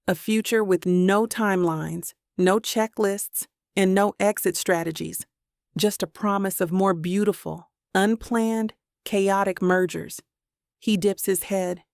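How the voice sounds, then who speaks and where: A woman narrating a first-person romance audiobook in an intimate, steady way into a close mic. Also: mid-range voice, gravelly, clear, resonant tone, no echo.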